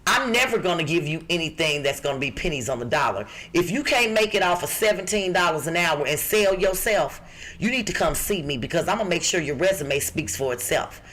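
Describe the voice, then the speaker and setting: A woman from Chicago reading out job listings on a podcast in a rough, low voice, emphatic and bossy. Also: animated, fairly quick, a bit bright. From Chicago, USA. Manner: emphatic, bossy, talks back to co-hosts. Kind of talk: lively podcast talk.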